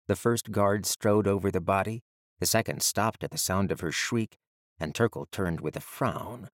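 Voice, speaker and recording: Low-voiced male audiobook narrator. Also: normal speed, no echo, clean studio sound.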